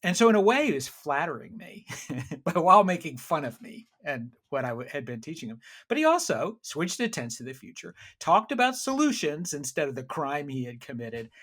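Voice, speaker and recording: A middle-aged man, an author on a podcast, explaining ideas and telling stories in a lively way with frequent restarts. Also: fairly high pitch, normal speed. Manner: animated storyteller with frequent restarts. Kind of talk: conversational interview storytelling.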